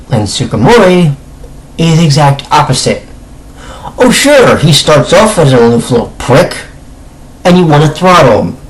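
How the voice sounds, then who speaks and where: Slightly hoarse man chatting through a review. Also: fairly high pitch, rough recording. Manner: chatty and emphatic, with frequent self-corrections. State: slightly hoarse, clearing his throat. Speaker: anime reviewer. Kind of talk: casual spoken video review.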